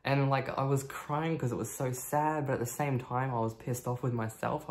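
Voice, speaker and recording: A woman's voice: extremely low pitch, steady tone, moderate pace, darkish tone. Candid swearing woman in her thirties. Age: 30s. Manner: candid, casual, swears freely, many ums. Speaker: vlogger. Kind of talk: personal video diary.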